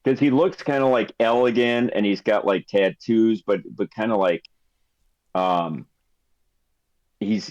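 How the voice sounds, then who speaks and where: A man narrating as game master, unhurried and full of fillers and restarts as he describes the scene. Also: fairly low pitch, a little mellow, no room sound. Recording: slightly dull lo-fi audio.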